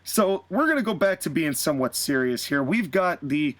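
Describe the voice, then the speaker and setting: A male podcast host spinning an animated, rambling story in casual chat. His voice sits a little high. The sound is dry and close-miked. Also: normal speed, dry recording. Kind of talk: fantasy-booking storytelling chat.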